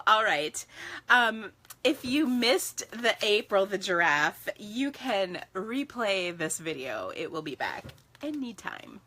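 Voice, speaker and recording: A woman's voice: medium pitch, sharp tone. A middle-aged woman hosting a casual live craft stream, bubbly and gushing, often breaking into laughs. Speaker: card-making demonstrator hosting a live stream.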